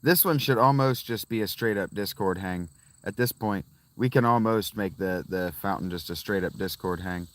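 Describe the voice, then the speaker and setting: A man in his fifties rambles casually to his livestream viewers, reading out their names as he goes. His voice sits a little low, and he talks from a phone outdoors with crickets chirping behind him. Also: normal speed. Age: 50s. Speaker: livestream host. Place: outdoors by a fountain.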